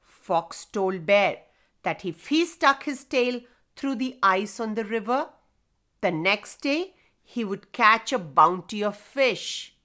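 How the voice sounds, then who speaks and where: A woman narrating a folk tale for children, slow and expressive, speaking directly to the young listeners. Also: mid-range voice. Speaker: storyteller.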